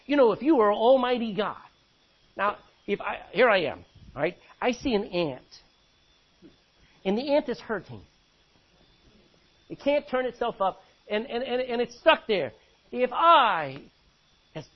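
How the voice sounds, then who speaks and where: A man preaching a sermon, swinging between loud emphatic bursts and quiet, low asides. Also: highs cut off. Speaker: pastor.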